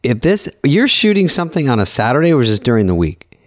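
A man co-hosting a podcast, chatting casually with frequent swearing and quick reactions. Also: medium pitch, sing-song. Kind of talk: casual chat.

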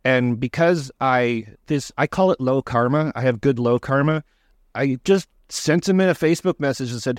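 A man speaks at a middle pitch in a dry, close recording. He talks loosely as a documentary director answering questions, stumbling over restarts and filler words. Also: dry recording. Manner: halting, many restarts and fillers. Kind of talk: casual interview answers.

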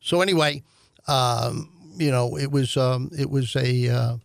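Older man, gravelly, halting storyteller, dry close mic. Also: mid-range voice, steady tone, no echo. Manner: halting, many fillers and restarts. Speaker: guest, host's father. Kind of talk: conversational storytelling.

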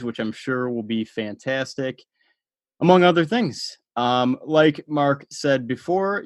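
A mid-pitched man hosts a podcast, chatting in an easy, upbeat way and laughing often. The recording is close and dry, with no room sound at all. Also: dry recording. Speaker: podcast host. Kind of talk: casual interview chat.

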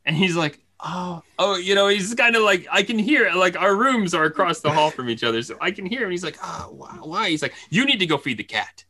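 A man's voice: sits high, expressive, quick pace, few pauses, pushed and bright. A man co-hosting a podcast, telling a family story in casual chat, laughing and acting out the voices of his family. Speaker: podcast co-host.

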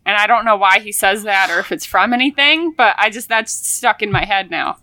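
Bright-voiced giggly woman co-host. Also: mid-range voice, brisk, hardly any pauses, no room sound. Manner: giggly, animated. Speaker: podcast co-host. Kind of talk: casual podcast chat.

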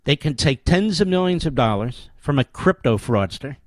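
A talk show host with a fairly high, animated voice delivers a forceful political monologue at a moderate pace. He's emphatic and declamatory, driving his points home with heavy repetition of phrases. The recording is close and dry, with no room echo.

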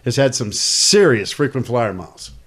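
A middle-aged man co-hosting a show, telling a travel story in a casual, animated way. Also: medium pitch, moderate pace. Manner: animated storyteller who acts out the people in his story. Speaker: radio co-host.

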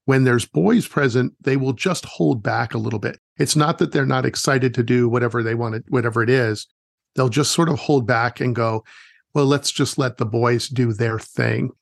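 A man who works as a wilderness educator, telling stories in a relaxed, chatty way during an interview and acting out the people he quotes. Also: mid-range voice, moderate pace, creaky, no room sound, clean studio sound. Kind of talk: casual interview storytelling.

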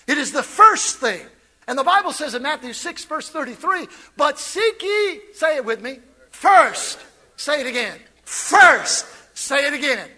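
A male pastor delivers a sermon in a church with a very high, bright voice. He swoops all over his range, calling out lines for the congregation to repeat. His energy is playful and he breaks into laughter often.

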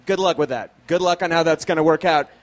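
Man, high voice, live storytelling, self-deprecating, swears a lot, chuckles mid-sentence. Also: quick pace. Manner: self-deprecating, swears often, laughs while talking. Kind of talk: live comedic true-story telling. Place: small live venue with audience.

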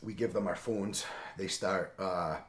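Guest storyteller: deep male voice, emphatic and animated, in a roomy echoey space. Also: unhurried, slight background noise. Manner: animated, emphatic, tags lines with "right?". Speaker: interview guest. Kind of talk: casual storytelling. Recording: roomy echo.

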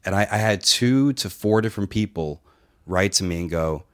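Low-voiced guy on a podcast, swearing a lot, acting out a wrestling story. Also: normal speed. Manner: profane, animated anecdote-telling with quoted dialogue. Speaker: podcast host and wrestling trainer. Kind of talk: casual storytelling chat.

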